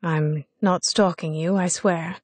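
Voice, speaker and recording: A young man in a spoken novel, polite and easygoing, with a hint of amusement in his calm, dry-sounding voice, which a woman reads in. He talks softly and without hurry. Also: fairly low pitch, takes it slowly, breathy edge, dry recording. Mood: polite, amused. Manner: polite, relaxed, lightly amused.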